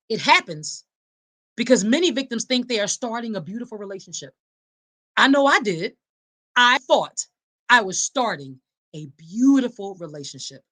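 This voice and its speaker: A woman's voice: medium pitch, a bit bright. A woman hosting a live podcast, speaking emphatically and preacher-like, addressing her listeners as y'all and reading their comments aloud. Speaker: podcast host. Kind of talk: live-streamed advocacy talk.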